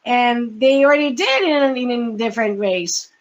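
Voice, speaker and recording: Chatty woman with a slightly high voice. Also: expressive, lo-fi sound. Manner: halting, many fillers and restarts. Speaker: podcast host. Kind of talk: casual fan podcast chat.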